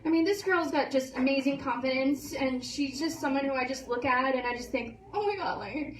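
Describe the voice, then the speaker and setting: A woman's voice: high voice, fairly even intonation, brisk, background noise. A woman hosting a course graduation, who talks in a gushing, tearful way with many fillers like "like" and "you know". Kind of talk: emotional speech. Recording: echoey room, voice from a distance.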